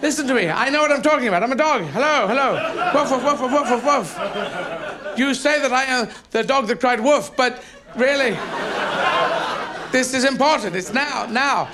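A man voicing a frantic, paranoid male guard dog that yaps and shouts its warnings, recorded live on stage with an audience. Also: extremely high pitch, expressive, moderate pace, crowd noise, voice pushed up. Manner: yapping, insistent, shouting.

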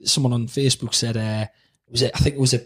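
A man, telling stories in a sweary, animated way during a casual podcast chat. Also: mid-range voice, fast, breathy edge. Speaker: podcast guest, comedian.

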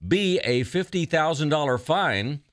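Slow, deadpan radio co-host man. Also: a little high, no room sound, clean studio sound. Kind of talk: morning radio comedy banter.

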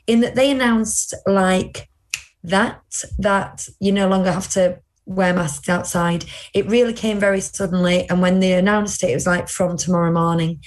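A woman's voice: mid-range voice, steady tone, moderate pace. Chatty British woman co-hosting. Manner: chatty, reads out news with asides. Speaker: podcast co-host. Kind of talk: casual chat.

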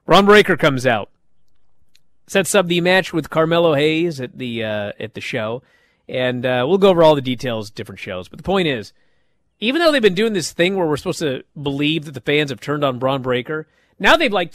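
A man hosting a show, recapping wrestling in a casual, animated way and acting out the quoted lines. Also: fairly high pitch, moderate pace, no echo.

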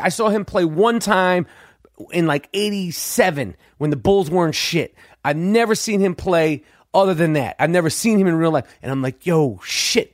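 A man hosting a podcast, telling a profane story in an animated way and acting out quotes. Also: high-pitched, no echo, studio quality. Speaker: podcast host.

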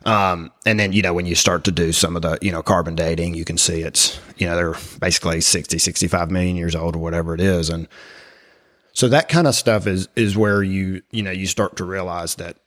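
A middle-aged man sharing his personal faith story in conversation, speaking haltingly with many fillers and restarts. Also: deep voice, steady tone, a bit bright. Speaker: guest.

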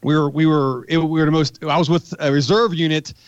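A man's voice: a little high, steady tone, brisk, smooth, no echo, highs cut off. A man in his forties, a podcast guest, telling a rambling, profane war story in casual talk. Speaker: podcast guest, magazine editor.

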